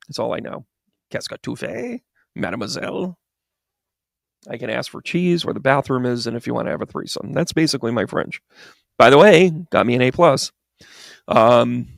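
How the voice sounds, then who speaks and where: A man's voice: medium pitch, brisk, creaky, no room sound, studio quality. A man co-hosting a livestream who rambles through casual commentary with a sarcastic, digressive, conversational manner. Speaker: livestream co-host.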